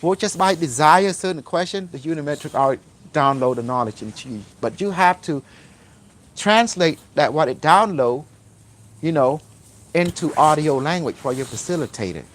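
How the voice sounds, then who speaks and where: Man, higher-pitched, spiritual teacher type, rambling broken-English lecture delivered with insistent repetition. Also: expressive, moderate pace.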